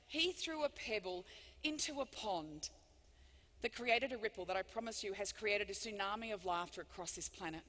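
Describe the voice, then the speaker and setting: A woman giving a live motivational keynote speech, animated and emphatic, swinging between loud bursts and hushed lines. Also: medium pitch, moderate pace. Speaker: motivational speaker. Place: large hall before thousands of people. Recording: long reverb of a big hall.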